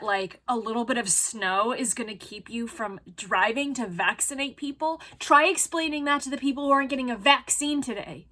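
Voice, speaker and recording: A woman's voice: on the high side, bright, forceful tone. A woman venting in an emotional vlog, angry, sarcastic and swearing as she rants. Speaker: vlogger.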